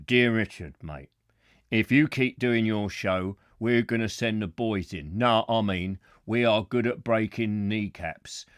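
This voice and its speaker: A man putting on a gruff low gangster. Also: measured pace, no room sound, studio quality, close to an everyday voice. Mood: menacing. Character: menacing male gangster threatening the host.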